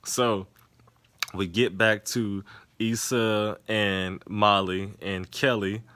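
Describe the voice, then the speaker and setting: A man casually reviewing a TV episode from his couch, retelling scenes in a profane, animated way and acting out the characters' lines. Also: on the low side, takes it slowly, clear, resonant tone, no echo. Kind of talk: casual recap and commentary. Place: sitting on a couch indoors.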